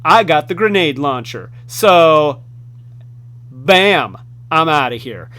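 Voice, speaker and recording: A man's voice: fairly high pitch, big pitch swings, slow pace, pushed and bright, full character voice. A man voicing a cocky male toy soldier who brags about being the coolest on his team. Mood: smug. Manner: swaggering, boastful.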